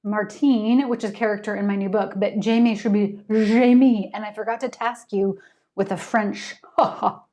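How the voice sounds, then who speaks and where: A woman's voice: mid-range voice, steady tone, normal speed, a little mellow. A woman author hosting a casual livestream, chatting with viewers and laughing often.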